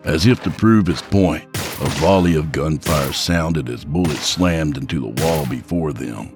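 A man narrating a dark story in a measured, grave voice. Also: extremely low pitch, music in the background. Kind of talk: dramatic audiobook narration. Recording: gunfire sound effects behind.

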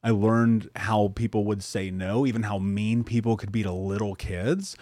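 Low-voiced man hosting an interview. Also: dry recording. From Indianapolis, USA. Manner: energetic, drawn-out questions with rhetorical "right?". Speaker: podcast host. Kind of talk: casual interview chat.

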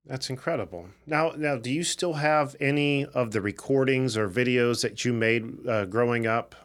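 A man hosting a podcast interview, friendly and eager, quick to laugh with his guest. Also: medium pitch. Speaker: podcast host. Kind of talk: casual interview chat.

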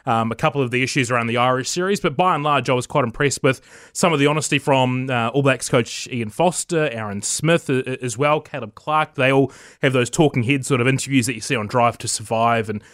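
A New man talking quickly and easily as a guest on a radio show. The studio sound is dry and close, with no room echo. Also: medium pitch, a bit bright. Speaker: rugby editor and commentator. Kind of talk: radio interview.

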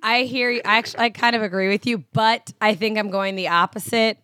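Woman, podcast co-host, middle pitch, chatty and self-mocking, dry close mic. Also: steady tone, a little fast, pushed and bright, dry recording. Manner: chatty, laughing, self-deprecating. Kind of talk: casual chat.

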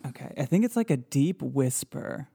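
A man hosting a casual podcast chat in a playful, joking manner, quick to laugh. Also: mid-range voice, lively intonation, gravelly, dark tone, slight background noise. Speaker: podcast host.

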